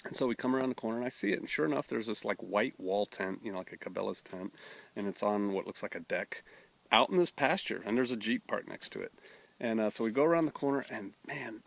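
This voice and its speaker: Delivering a testimony in story form, a middle-aged pastor spins a folksy, drawling tale and voices its characters himself. He speaks fast and animatedly in a lowish, creaky voice.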